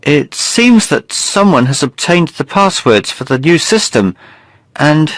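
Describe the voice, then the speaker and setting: A man voicing a young male computer expert in a lively, expressive way. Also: on the high side, measured pace, dry recording, voice pushed up, full character voice. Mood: worried.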